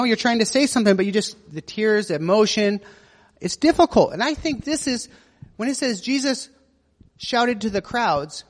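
A man's voice: sits high, long reverb tail. A man pastor teaching a sermon in a conversational way, with asides and rhetorical questions to the congregation.

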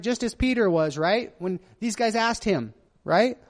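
Man preaching a sermon, fairly high voice, earnest and confessional, keeps asking listeners "right?", long hall reverb. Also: animated, measured pace.

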